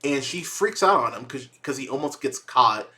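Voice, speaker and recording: Bright-voiced, swearing man ranting about a movie. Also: mid-range voice, lively intonation, moderate pace. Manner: profane, rambling, exasperated with frequent restarts. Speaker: movie review podcast host. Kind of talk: casual solo movie review.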